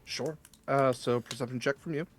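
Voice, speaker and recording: A man narrating as game master of a tabletop game, describing scenes in a relaxed, rambling way with many fillers. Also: mid-range voice, moderate pace.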